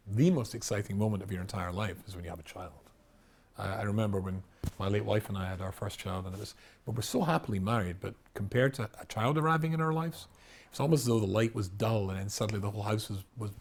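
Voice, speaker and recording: A man from Scotland, a rabbi giving a storytelling lecture, animated, with loud exclamations and quiet asides. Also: on the low side, gravelly.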